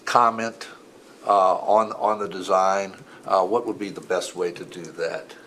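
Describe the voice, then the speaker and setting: Deep, flat-voiced man asking a question. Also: unhurried, a little hiss or hum. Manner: hesitant, careful questioning. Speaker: council member. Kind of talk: council meeting question.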